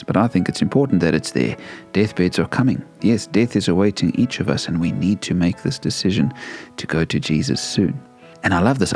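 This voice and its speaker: A man hosting a devotional talk about a hymn, speaking gently and earnestly, often pleading with the listener. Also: on the low side. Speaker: Christian devotional host.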